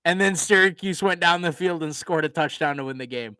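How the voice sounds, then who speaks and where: Young guy doing play-by-play for his stream, bright tense voice, dry close mic, gets excited. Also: a little high, brisk, clear, resonant tone, dry recording. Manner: excitable, chatty, laughs and hums between plays. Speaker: live stream commentator. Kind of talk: casual play-by-play commentary.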